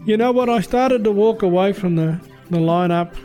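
A man's voice: high-pitched, normal speed, dark tone, faint music behind. An Australian man telling a personal story in an earnest, plain-spoken, conversational way. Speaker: guest telling his testimony.

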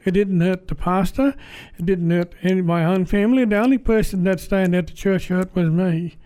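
An Australian man giving a personal church testimony in a plain-spoken, halting, earnest way. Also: sits high, fairly even intonation, mellow.

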